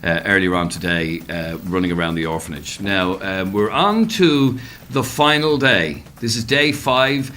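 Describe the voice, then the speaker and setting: A radio host with a low but bright, forceful voice runs the show briskly. He jokes and deflects, pushing the talk on to the next thing. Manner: brisk, deflecting with jokey urgency. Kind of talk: radio phone show hosting.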